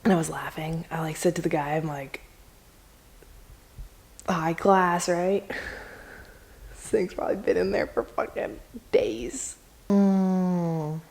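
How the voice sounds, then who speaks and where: A woman's voice: a little slow, darkish tone. A young adult woman telling a story in a casual vlog, chatty and profane, acting out quoted lines. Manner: chatty, swears a lot, acts out quotes in a higher voice. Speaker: vlogger.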